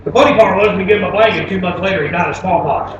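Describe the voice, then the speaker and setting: A man's voice: sits high, racing, a crowd in the background. A man telling comic stories on stage in a laid-back, rambling way, with fillers. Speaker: storyteller. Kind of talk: live comic storytelling on stage. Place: stage before an audience. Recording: distant, roomy, dull live recording.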